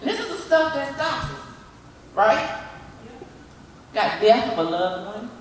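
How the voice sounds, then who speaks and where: High-voiced woman speaker in echoey hall. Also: unhurried, recorded from a distance, slight background noise. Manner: animated, coaxing, repetitive calls. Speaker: motivational speaker. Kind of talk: motivational talk with audience volunteers.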